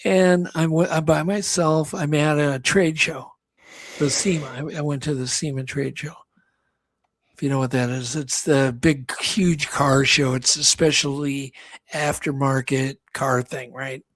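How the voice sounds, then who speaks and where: A man co-hosting a talk show rambles through a story, restarting often and acting out quotes in casual chat. His slightly high, a bit bright voice is steady and measured, recorded dry.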